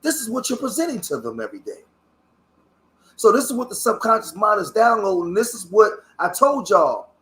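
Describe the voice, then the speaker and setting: A man's voice: high voice, sing-song, moderate pace, a bit bright. A man from Philadelphia giving a passionate, preachy reaction commentary, swearing as he talks. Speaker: online commentator.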